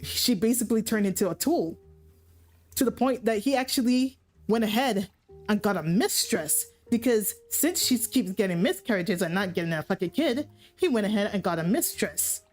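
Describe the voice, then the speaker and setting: A woman's voice: medium pitch, animated, moderate pace, darkish tone. Rambling, profane woman streamer. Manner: rambling, profane, self-correcting. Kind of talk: casual story recap rant. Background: faint background music.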